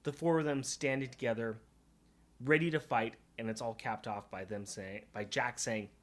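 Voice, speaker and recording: A man's voice: mid-range voice, steady tone, normal speed. A man co-hosting a casual comic book podcast, recapping the story with sarcastic jokes and mock challenges. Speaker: podcast co-host. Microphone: podcast microphone.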